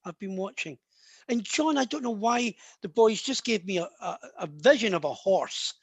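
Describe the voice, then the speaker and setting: A man working as a psychic medium, giving a live reading to a sitter in a halting way, often repeating and restarting his words. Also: high voice, sing-song, dry recording.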